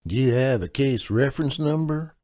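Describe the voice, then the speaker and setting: A man's voice: medium pitch, normal speed, warm tone, voice pushed up, lightly acted. A man voicing a skinny young male desk clerk in his twenties, obliging and a bit fumbling. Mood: eager, helpful. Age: 20s.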